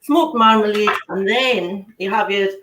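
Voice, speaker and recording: A woman's voice: medium pitch, unhurried. A woman hosting an online whisky dinner in a chatty way, with laughs and half-finished sentences. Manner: chatty, laughs often, trails off mid-sentence. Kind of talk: casual tasting demonstration. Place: home, on a video call. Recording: echoey room, distant mic, faint noise.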